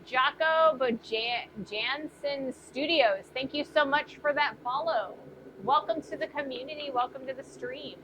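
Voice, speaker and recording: A woman blacksmith chats casually on a live stream while forging in her workshop, musing aloud and answering viewer comments. Her voice sits high and moves a little slowly, with a bright, forceful tone. The stream audio is dull and lo-fi, with faint noise.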